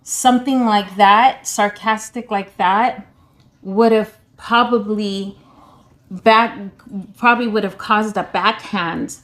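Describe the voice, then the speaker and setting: A woman's voice: mid-range voice, fairly even intonation, slow, a bit bright. Rambling woman in casual talk. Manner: rambling, repeats herself with many restarts and fillers. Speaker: pastor's wife, co-host. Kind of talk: casual chat.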